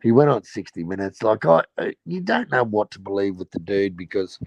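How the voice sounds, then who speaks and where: A man's voice: lowish voice, big pitch swings, fairly quick, vocal fry, dry recording. An Australian man hosting a casual chat, telling profane stories and laughing at them. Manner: rowdy, profane storytelling, laughing at his own tales.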